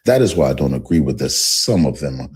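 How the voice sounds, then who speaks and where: A man calling into a live stream show, speaking slowly and deliberately in a self-consciously proper way. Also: very deep voice, very animated, a little mellow, poor audio. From United States. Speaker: caller. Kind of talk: casual live-stream call.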